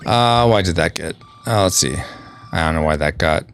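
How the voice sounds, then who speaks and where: A man's voice: deep voice, moderate pace, music in the background. A man hosting a podcast, chatting casually while playing a video game and reading out chat messages. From California and Colorado. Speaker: podcast host.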